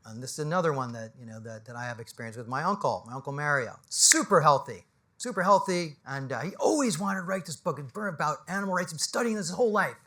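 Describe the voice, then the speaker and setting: A business coach on a panel gives an animated motivational talk to a live audience in an event space, firing off rhetorical questions and ending lines with "right?". His voice is on the high side, and he talks fast.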